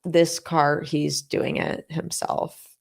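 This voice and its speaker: A woman's voice: sits low, level tone, takes it slowly, gravelly, slight background noise. A woman in her thirties, a podcast co-host chatting casually, telling a long story that she acts out with quoted dialogue and frequent laughter. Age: 30s. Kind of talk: casual chat.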